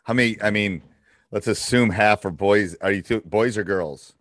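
Deep-voiced upbeat coach host. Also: male voice, moderate pace, fairly bright tone, dry recording, clean studio sound. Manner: upbeat, rambling with fillers and laughs. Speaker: podcast host and basketball coach. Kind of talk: casual coaching chat.

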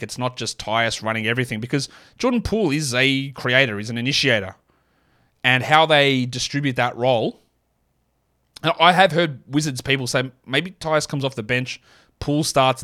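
A man with an Australian accent hosting a solo podcast, chatting casually and thinking aloud with quick asides. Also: medium pitch, a bit bright. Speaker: podcast host. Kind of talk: solo sports analysis podcast.

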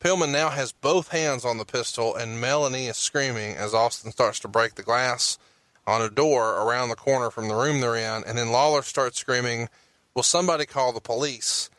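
A man's voice: mid-range voice, moderate pace, fairly bright tone, dry recording. A man hosting a podcast, walking through a recap of events with occasional profane outbursts. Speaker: podcast host.

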